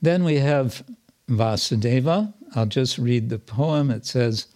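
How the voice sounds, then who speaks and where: Guy teaching a scripture class, real slow, lots of ums and restarts. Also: mid-range voice, a little mellow. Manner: slow and hesitant, many fillers and restarts.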